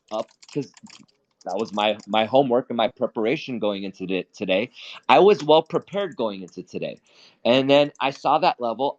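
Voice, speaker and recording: Trading guy talking casual, swears a lot, locker room style, keeps restarting, muffled lo-fi sound. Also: fairly high pitch. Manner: blunt and profane, locker-room talk; repeats himself and restarts often. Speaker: stock trading host. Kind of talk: casual live trading talk. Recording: dull lo-fi audio.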